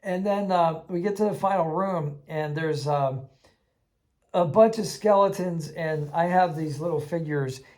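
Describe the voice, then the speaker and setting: A man casually recounting a tabletop game he ran for kids, animated and laughing, acting out the voices he quotes. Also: on the high side, measured pace. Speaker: game master teaching kids. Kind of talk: casual anecdote storytelling.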